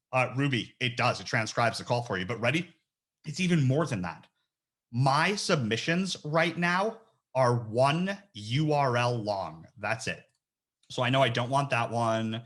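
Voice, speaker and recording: A man walks a webinar audience through a software demo in a relaxed, slangy, animated way. His voice sits in an ordinary middle male range, and he talks with quick bursts of enthusiasm. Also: medium pitch. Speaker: recruiter giving a software training.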